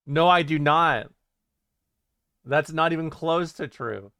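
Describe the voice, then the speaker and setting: A man on the high side speaks slowly in a sharp, clear, resonant tone, recorded dry with clean studio sound. Streaming live, he reads chat aloud and jokes around with plenty of profanity and laughter.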